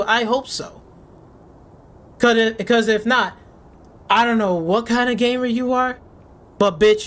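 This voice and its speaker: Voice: medium pitch, a bit bright. A game streamer ranting in casual live commentary, swearing freely and sarcastic, faking panic and often repeating words. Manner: profane, sarcastic, mock panic.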